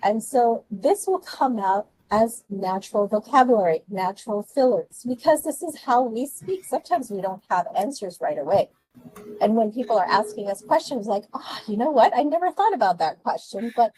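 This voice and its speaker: A woman presenting speaking tips in an online webinar, lively and chatty, laughing often as she talks with her hands. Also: mid-range voice, slight background noise, poor audio. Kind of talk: presenting test-prep tips to an online audience.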